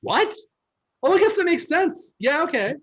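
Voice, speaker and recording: A man interviewing a film director, engaged and quick with affirmations and follow-up questions. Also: very high-pitched, very animated, a bit bright. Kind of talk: casual interview.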